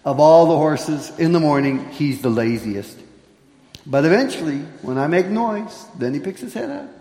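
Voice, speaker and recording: A man telling a playful story to a group of children, calling out questions to them in an animated way. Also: fairly high pitch, normal speed. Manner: animated, playful, calls out to kids. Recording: echoey hall with long reverb.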